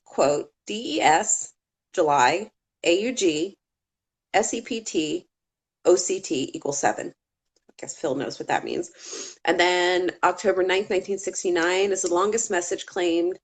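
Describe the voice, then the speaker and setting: A woman co-hosting a casual true-crime chat, talkative, with laughing asides and swearing. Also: lowish voice. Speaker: podcast co-host.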